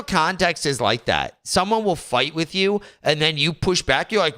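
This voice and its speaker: A man co-hosting a casual talk show, telling stories in a lively way and acting out heated arguments. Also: fairly high pitch, fast talker, few pauses. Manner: animated storytelling, acts out quoted arguments loudly. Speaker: co-host.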